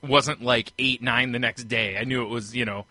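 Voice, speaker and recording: A man co-hosting a podcast in casual chat, teasing his co-host with quick interjections. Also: medium pitch, steady tone, pushed and bright, no echo.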